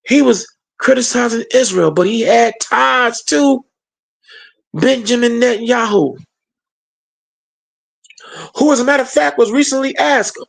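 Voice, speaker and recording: Gravelly, sarcastic commentator. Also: mid-range voice, a little slow, pauses often. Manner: emphatic, colloquial, sarcastic. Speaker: political commentator. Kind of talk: opinion monologue.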